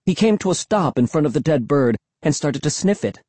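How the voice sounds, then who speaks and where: A man narrating a first-person audiobook in a measured, even storytelling manner. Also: fairly high pitch, slightly rough, dry recording.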